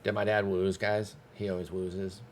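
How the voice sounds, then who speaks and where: A man's voice: deep voice, little pitch movement, moderate pace, slight background noise, lightly acted. A man voicing his cheeky little pet, teasing him in a mocking tone.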